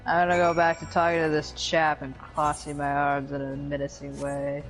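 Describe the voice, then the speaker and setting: A woman's voice: low-pitched, monotone, moderate pace, hardly any pauses, faint music behind, low-quality recording. A woman chatting and joking casually while playing a video game with a friend. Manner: giggly, jokey banter. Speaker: let's play co-host. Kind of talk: casual gameplay chat.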